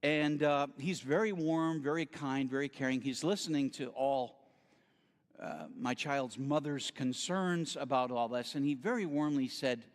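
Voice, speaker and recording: A man giving a storytelling sermon as a guest speaker at a spiritual center, theatrical and animated. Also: mid-range voice, a little slow. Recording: reverberant hall.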